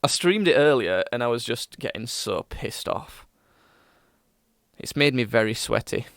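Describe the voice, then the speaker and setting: A man's voice: mid-range voice, lively intonation, measured pace, gravelly, fairly bright tone, no echo, studio quality. A young man hosting a podcast, rambling casually with lots of fillers and self-mocking asides. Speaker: podcast host. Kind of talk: casual chat.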